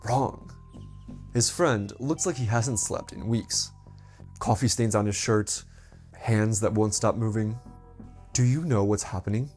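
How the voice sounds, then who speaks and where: A man's voice: lowish voice, steady tone, takes it slowly, a little mellow, faint music behind. A man reading a scripted story in a dramatic narrating manner.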